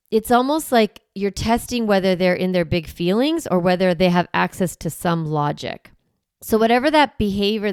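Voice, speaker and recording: A woman's voice: mid-range voice, darkish tone, smooth, no room sound, studio quality. A woman podcast host coaching parents in a conversational, encouraging way. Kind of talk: podcast teaching monologue.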